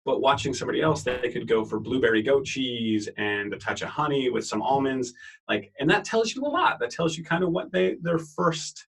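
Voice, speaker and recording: Relaxed husky-voiced man, a bit off-mic. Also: medium pitch, normal speed, far from the mic, poor audio. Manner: relaxed, easygoing, hesitant fillers. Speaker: guest, home cook. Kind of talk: casual interview chat.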